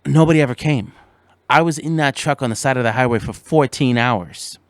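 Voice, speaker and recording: Man, podcast host, casual storytelling, animated, stammers and restarts, mid-pitched voice, dry close sound. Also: a little fast, clear, resonant tone, no room sound. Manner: animated, stammering restarts, voice jumping up when exasperated.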